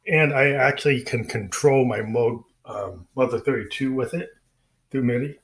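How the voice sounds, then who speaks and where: A male musician with a mid-range voice at normal speed talks casually about his music. He rambles, using lots of fillers and restarting his sentences as he explains.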